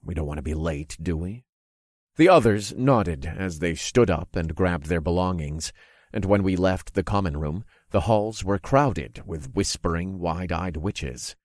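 A man narrates a story in the first person with calm, detailed description. His voice is very low and even. The recording is close and dry, with no echo. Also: measured pace.

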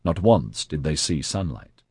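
A man narrating an audiobook in an expressive, scripted reading. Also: extremely low pitch, measured pace, breathy edge, no room sound, studio quality.

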